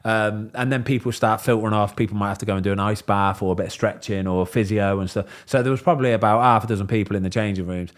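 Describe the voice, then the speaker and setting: A man, hosting a podcast and chatting casually, telling stories in a lively way and acting out what people said. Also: on the low side, fast, hardly any pauses. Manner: animated storyteller, voices quoted people. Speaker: podcast host. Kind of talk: casual chat.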